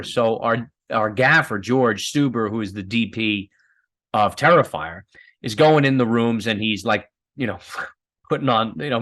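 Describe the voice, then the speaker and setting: This filmmaker guest is a man whose voice is medium-pitched and slightly bright. His storytelling is loose and meandering, full of fillers, restarts, and frequent laughter.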